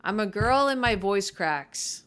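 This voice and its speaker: A woman's voice: medium pitch, lively intonation, a little slow, fairly bright tone, clear, resonant tone. A young woman comedian hosting her own podcast, rambling casually, tripping over her words, easily irritated, with a voice that cracks. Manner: stumbling, self-deprecating, easily irritated.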